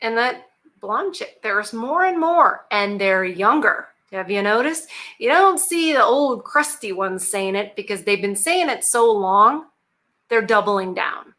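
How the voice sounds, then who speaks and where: Woman reaction host, slow sarcastic commentary, bright voice. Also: mid-range voice, animated. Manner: blunt, sarcastic, talks back at clips. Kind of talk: casual commentary reacting to clips.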